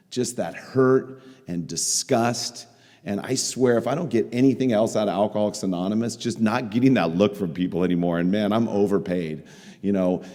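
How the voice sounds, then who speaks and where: A man's voice: lowish voice, mellow. A man giving a candid, self-mocking personal testimony at a recovery meeting, acting out quoted dialogue as he goes. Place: meeting hall. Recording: long hall reverb.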